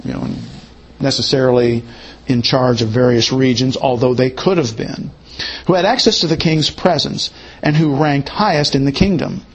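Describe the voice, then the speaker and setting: A man with a husky, slightly breathy voice at an ordinary middle pitch, teaching a Bible passage verse by verse. He reads a verse, then thinks it through aloud in an unhurried, hedging way, weighing different readings. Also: dull audio. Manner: reads verses aloud, then muses on them with many hedges.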